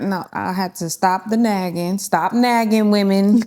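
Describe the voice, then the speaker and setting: A woman speaks as a guest in a casual podcast chat. She talks frankly, often pausing and restarting as she thinks. Her voice sits at a middle pitch for a woman. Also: dark tone. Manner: candid, thinks aloud with restarts and fillers. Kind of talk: casual conversation.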